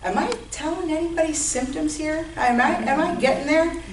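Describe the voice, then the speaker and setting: A woman's voice: sits high, normal speed. A woman giving an informal lecture on health to a class, often checking in with her listeners. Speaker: health educator. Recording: roomy, distant mic, faint noise.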